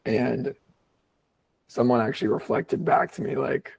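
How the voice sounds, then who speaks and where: A hoarse man whose voice is nearly gone, co-hosting a podcast in thoughtful, casual conversation that is sprinkled with swearing. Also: mid-range voice, measured pace, pauses often, darkish tone, poor audio. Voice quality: raspy, gravelly. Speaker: podcast co-host. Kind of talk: casual reflective chat.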